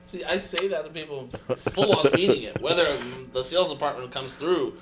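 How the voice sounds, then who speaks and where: A man's voice: a little high, fairly quick, loud music behind the voice, low-quality recording. A man, a podcast guest and car salesman, joking about his work in casual chat.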